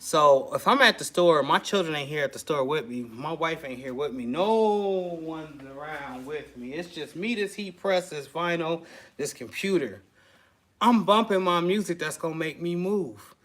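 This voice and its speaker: Man, 40s, easygoing vlogger, fairly high voice. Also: animated, normal speed, fairly bright tone. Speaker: custom shirt maker vlogger. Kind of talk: casual chat to camera.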